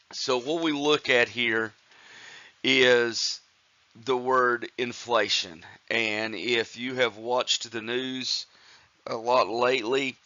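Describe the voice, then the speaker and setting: A male instructor lecturing on economics at an unhurried, deliberate pace, with a bright, forward voice. He works through each point methodically, pausing on fillers and restarting phrases. The recording is dry and slightly dull, as if made on a modest mic. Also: medium pitch, no echo.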